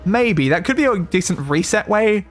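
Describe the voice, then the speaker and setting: Young Aussie male streamer, high voice with big swings, chatty self-coaching play-by-play. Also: expressive, normal speed, faint music behind. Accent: Australian. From Australia. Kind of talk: casual gameplay commentary.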